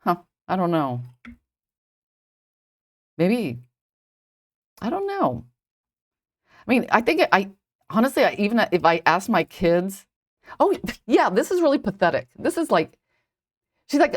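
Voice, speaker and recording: A woman's voice: medium pitch, very animated, unhurried, pauses often. A middle-aged woman, a jewelry designer, rambling in casual chat with viewers on a live stream while she knots a bracelet, saying "like" constantly. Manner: rambling, heavy use of "like".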